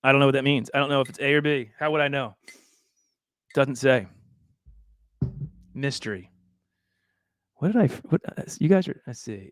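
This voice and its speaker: A man's voice: mid-range voice, gravelly, dry recording, clean studio sound. A man hosting a casual livestream, talking in a chatty, rambling way with laughs and repeated words. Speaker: livestream host.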